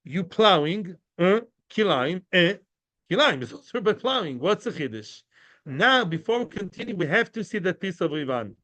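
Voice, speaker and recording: A man with a high voice teaches a daily Talmud class, recorded close and dry. He acts out the back-and-forth of the sages with energy and stops to gloss each Aramaic or Hebrew term. His delivery stays lively and explanatory. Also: normal speed, dry recording. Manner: animated, acts out the sages' debate; mixes in Aramaic and Hebrew terms, explains them.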